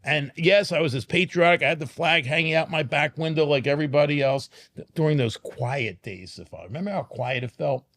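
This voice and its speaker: A man who is a podcast guest, talking in an emphatic, argumentative way and slowing down to stress words. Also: fairly high pitch, a bit bright. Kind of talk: casual podcast conversation.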